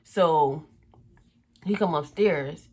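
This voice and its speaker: Young woman vlogger, lower voice, chatty and profane, spilling a story to her viewers. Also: drawn-out words, warm tone. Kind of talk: casual storytime vlog.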